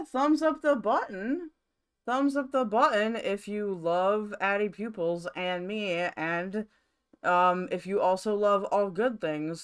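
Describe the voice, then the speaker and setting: Slow-talking woman streamer, smooth voice. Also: mid-range voice, fairly bright tone. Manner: rambling, chatty, casually profane. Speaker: live streamer. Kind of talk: casual live-stream chat. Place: her own room.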